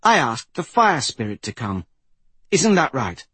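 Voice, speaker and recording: A man voicing a frightened, desperate young girl in an audiobook, with high, strained cries. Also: very animated, a little slow, fairly bright tone, breathy edge, dry recording, heavily acted. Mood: innocent.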